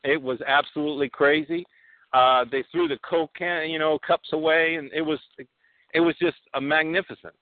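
A man's voice: on the high side, fairly even intonation, moderate pace, dry recording. A man calling in and rambling through a boastful story with lots of fillers. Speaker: caller. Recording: tinny phone line, dry.

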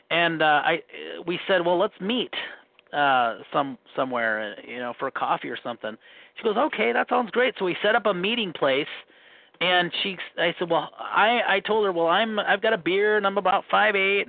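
A man with a Minnesota accent telling long stories in casual chat, restarting and repeating himself as he rambles. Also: fairly high pitch. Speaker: guest telling dating stories. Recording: tinny phone line, dry.

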